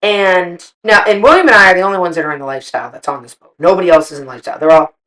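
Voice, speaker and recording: A middle-aged woman co-hosting a casual chat, telling animated, profane stories and acting out what people said. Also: on the low side, rapid-fire, poor audio. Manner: animated, profane storytelling with acted-out quotes. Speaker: podcast co-host.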